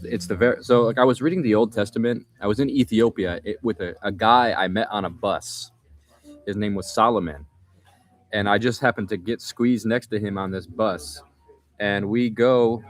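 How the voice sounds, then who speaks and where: A young man hosting a livestream, telling a rambling story in casual chat, often breaking off mid-sentence. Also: lowish voice. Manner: rambling, self-interrupting storytelling. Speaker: livestream host.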